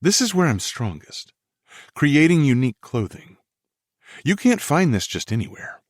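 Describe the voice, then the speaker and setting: For an audiobook, a man voices an eager young woman designer, sounding earnest and pleading. He pitches his voice above his natural range, high and sing-song at normal speed, in a dry, clean studio recording.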